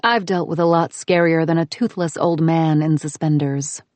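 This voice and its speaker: A woman's voice: low voice, fairly even intonation, darkish tone, dry recording, natural voice. A woman voicing a self-assured female stranger who speaks firmly and evenly. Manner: firm, measured.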